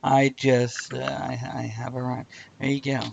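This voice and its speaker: A man's voice: medium pitch, level tone, measured pace, creaky, dull audio. A man co-hosting a live stream, joking casually and greeting viewers in chat by name. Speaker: co-host of a live stream show.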